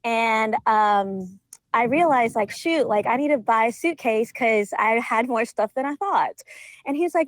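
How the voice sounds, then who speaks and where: A young woman from Georgia, guesting on a podcast, tells a story in a chatty, casual way, laughing often and leaning heavily on filler words. Her voice is on the high side and expressive, her pace a little slow. The recording is dry and low in quality.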